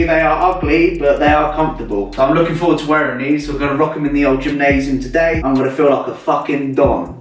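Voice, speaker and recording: A young man vlogging casually, rambling with excitement and swearing freely. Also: a little high. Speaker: fitness vlogger. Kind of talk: casual vlog chat. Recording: roomy echo, faint noise.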